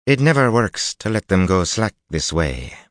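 A man voicing a coldly polite, menacing woman jailer who speaks slowly and smoothly. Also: lowish voice, big pitch swings, a bit bright, no echo, studio quality, voice pushed up.

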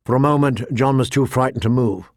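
A man narrating a fantasy audiobook in a steady, measured way. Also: mid-range voice, dry recording, clean studio sound.

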